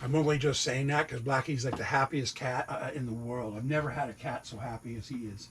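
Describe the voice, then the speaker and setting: Husky man in his sixties, rambling. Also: mid-range voice, fairly quick, hardly any pauses. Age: 60s. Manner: rambling, chats to his cats while cooking. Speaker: RV vlogger. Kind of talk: casual cooking vlog chat. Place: RV kitchen.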